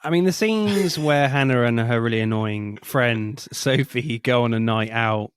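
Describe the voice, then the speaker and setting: Lively man reviewing films. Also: measured pace, clean tone, no echo, clean studio sound. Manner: animated, laughs often, jumps high in pitch for jokes. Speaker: podcast co-host. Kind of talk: casual film review chat.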